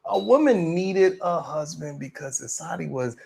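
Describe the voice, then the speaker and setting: A man's voice: on the high side, lively intonation, normal speed, creaky, darkish tone, husky. A man hosting a morning show livestream, chatting casually and joking as he talks straight to his viewers.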